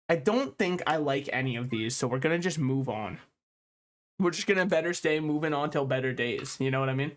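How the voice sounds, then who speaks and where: A man's voice: a little high, animated, a little fast. A young man streaming a video game, joking and rambling in loose, swearing chatter. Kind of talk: casual gaming stream chatter.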